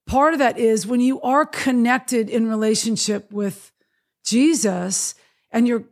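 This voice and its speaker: A woman's voice: on the high side, measured pace. A woman hosting an interview, reflecting aloud in a thoughtful, searching way and feeling her way through her sentences. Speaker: host. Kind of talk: casual interview chat.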